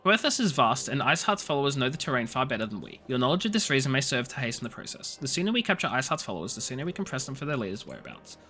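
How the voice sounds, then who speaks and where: A man voicing a stern female commander in a game, formal and measured. His bright voice swings lively through each line, with faint game music underneath. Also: mid-range voice.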